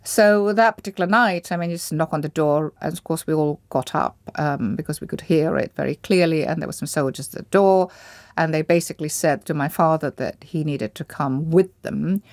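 A woman from Indonesia sits for an interview, her voice pitched a little low and recorded close and dry. She talks in a reflective, searching way, circling back and restarting as she gathers her memories. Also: fairly quick, a little mellow, no echo. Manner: thoughtful, searching for words, frequent restarts. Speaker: interview guest. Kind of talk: reflective personal recollection.

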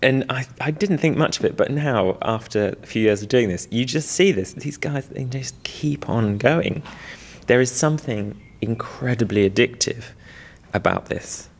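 A man's voice: mid-range voice, lively intonation, normal speed. A man who weaves and restores old looms, talking in a documentary interview in a rambling, self-deprecating way with small chuckles.

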